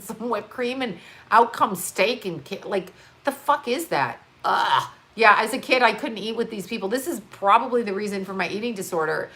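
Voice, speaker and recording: A woman's voice: mid-range voice, pushed and bright. A woman hosting a casual live stream, rambling between topics, swearing freely and laughing as she talks. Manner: laughs often while talking. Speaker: livestream host. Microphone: on-camera mic.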